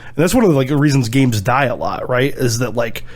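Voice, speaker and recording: A man's voice: medium pitch, expressive, brisk. A man co-hosting a podcast panel, asking the guests questions in casual chat, curious and teasing. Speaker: podcast co-host.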